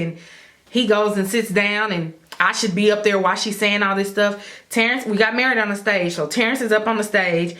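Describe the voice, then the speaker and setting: A woman's voice: medium pitch, moderate pace. Chatty woman telling a storytime. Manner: animated, addresses viewers as y'all, acts out her own inner thoughts. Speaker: vlogger telling her wedding story. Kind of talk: casual storytime chat.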